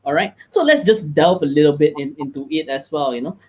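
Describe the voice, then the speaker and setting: Male host, slightly high voice, upbeat chatty, dull online-call sound. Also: animated, fairly quick. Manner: upbeat, chatty, frequent laughs and fillers. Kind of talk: casual live interview chat.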